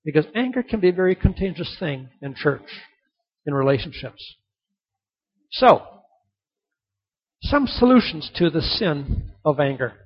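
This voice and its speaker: A male pastor preaching a sermon. He tells stories and repeats his key lines for emphasis. His voice sits high and husky, and the recording is dull and lo-fi. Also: sing-song, a little slow, long pauses.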